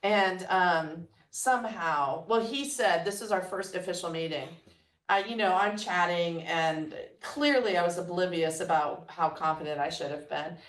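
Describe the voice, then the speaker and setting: A woman with a slightly low voice tells lively stories and acts out the lines of the people in them. Her voice sits a little back from the mic in an echoey room. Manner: animated storyteller, quotes others with laughs. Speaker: guest entrepreneur. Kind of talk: conversational storytelling. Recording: roomy sound, mic at a distance.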